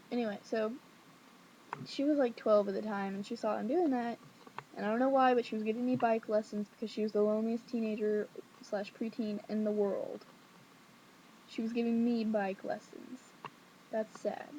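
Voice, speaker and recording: A young woman vlogging from home at night, telling a childhood story in a rambling, sassy, animated way. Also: fairly high pitch, a little hiss or hum. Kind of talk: casual storytelling to camera. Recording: dull lo-fi webcam audio.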